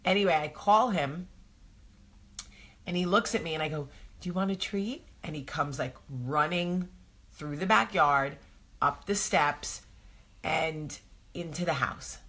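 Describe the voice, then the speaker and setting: Low, husky woman chatting slowly. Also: fairly bright tone. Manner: rambling storyteller, many ums. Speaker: host. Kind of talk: casual morning chat.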